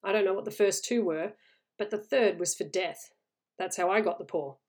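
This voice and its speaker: A woman's voice: medium pitch, normal speed, a little mellow, natural voice. Woman reading as a grave old soldier. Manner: serious, warning tone. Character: grave older male soldier, haunted and solemn.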